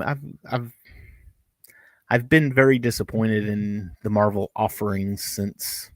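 A man's voice: on the low side, no echo. A man co-hosting a casual TV review podcast, talking in a rambling, chatty way with many asides. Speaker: podcast co-host reviewing TV episodes.

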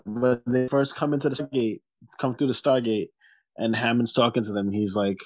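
A man's voice: medium pitch, fairly even intonation, fairly quick, dry recording. A man co-hosting a podcast, joking about a TV episode in casual chat and acting out quotes. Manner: jokey, acts out quotes. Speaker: podcast co-host. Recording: dry sound.

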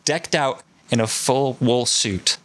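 A man hosting a podcast, telling a story in casual, profane and excited chat. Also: medium pitch, slow pace. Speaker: podcast host.

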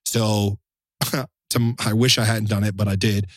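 A man's voice: lowish voice, little pitch movement, a little slow, fairly bright tone, no room sound, studio quality. A man, a knife maker, telling a long story in casual podcast chat, acting out the quotes and swearing now and then.

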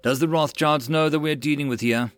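A man's voice: a little high, fairly even intonation, fairly quick, fairly bright tone, no echo, pitched above the performer's own voice, natural voice. A man voicing a cold, scheming male army lord giving orders. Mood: commanding. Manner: commanding, clipped.

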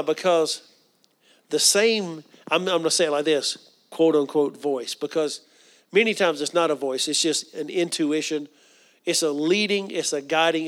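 Middle-aged pastor guy preaching, voice a bit on the high side, keeps asking the crowd stuff. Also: a bit bright. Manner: repeats words, asks the congregation questions. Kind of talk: sermon.

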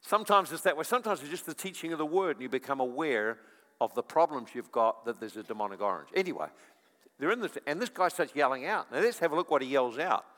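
A male preacher delivers a sermon with a high, lively voice that swings up and down as he tells stories. He breaks into chuckling asides, and his voice carries the long reverb of a large hall. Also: fast talker. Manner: animated storytelling, chuckling asides.

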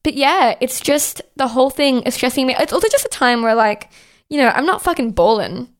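An exasperated young Australian woman rants casually on her podcast, cursing heavily and saying "like" all the time. Her high-sitting voice is expressive and her pace brisk.

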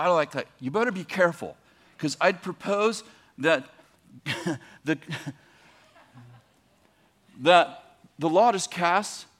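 Male podcast preacher, bright ringing tone, animated storyteller. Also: a little high. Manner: animated, laughing storyteller, rising to emphatic.

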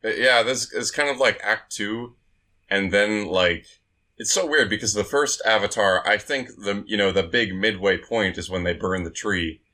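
A man co-hosting a podcast in casual chat, measured and thoughtful. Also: on the low side, sharp tone. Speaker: podcast co-host.

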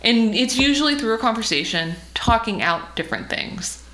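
Lady co-host, high-ish and lively, keeps repeating herself to make a point, echoey. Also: normal speed. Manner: lively, emphatic, repeats words as she builds a point. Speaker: podcast co-host, host's wife. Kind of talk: casual chat. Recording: echoey room.

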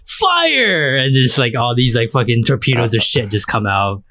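A man's voice: medium pitch, fairly even intonation, a little fast, fairly bright tone. A man co-hosting a podcast in casual chat, talking in a rambling, crude way full of fillers. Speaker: podcast co-host.

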